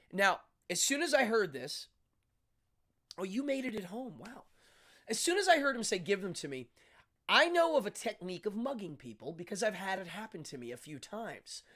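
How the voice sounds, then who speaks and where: A middle-aged man chats with his live audience and tells a story with plenty of energy. His pitch rises and falls widely as he acts out each person's lines, and he often stops and starts mid-sentence. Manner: animated storytelling, acts out dialogue, frequent restarts. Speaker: livestream host. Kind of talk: casual chat with live viewers.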